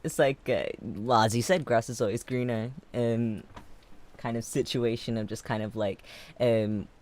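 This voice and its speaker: Excitable streamer with a mixed accent. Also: male voice, medium pitch, measured pace. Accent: mixed English and American. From England. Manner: swings from soft and gentle to loud and excitable, laughs often. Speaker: streamer host. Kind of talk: casual livestream chat.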